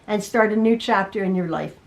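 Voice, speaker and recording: A woman's voice: mid-range voice, brisk, gravelly, noisy background. A middle-aged woman, a quilting teacher, chatting casually from her home sewing room as she reads out viewer emails, rambling, restarting and laughing.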